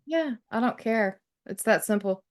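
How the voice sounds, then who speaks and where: A woman hosting a casual spiritual conversation, affirming her guest with brief agreements and gentle questions. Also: on the high side, expressive, measured pace. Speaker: host.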